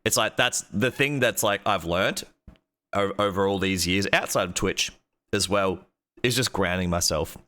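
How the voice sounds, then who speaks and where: A man hosting a casual streamer interview, talking in a halting way with many restarts. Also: low-pitched, bright, forceful tone.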